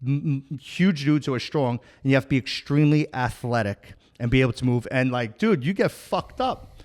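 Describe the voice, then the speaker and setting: A man from Long Island with a New York accent, hosting a casual interview and telling profane, animated stories. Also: medium pitch, moderate pace. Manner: profane, storytelling, animated quoting. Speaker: podcast host.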